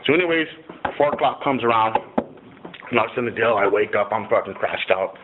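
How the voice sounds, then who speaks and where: A man's voice: fairly low pitch, animated, normal speed. A middle-aged man casually telling a personal recovery story, profane and rambling, with lots of "you know" fillers. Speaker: speaker sharing a recovery story. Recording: tinny phone-like recording with faint hiss.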